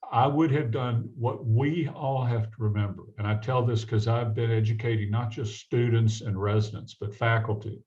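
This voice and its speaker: This guest physician from the American South has a medium-pitched, steady, slightly mellow voice and talks at a moderate pace with few pauses. On lo-fi sound, he shares a personal story in conversation, acting out the people in it.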